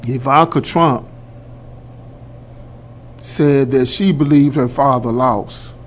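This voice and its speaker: Addressing his audience as folks, this male radio host gives emphatic, colloquial political commentary that swells into loud proclamations. He speaks slowly at a medium pitch, with a little hiss or hum in the recording.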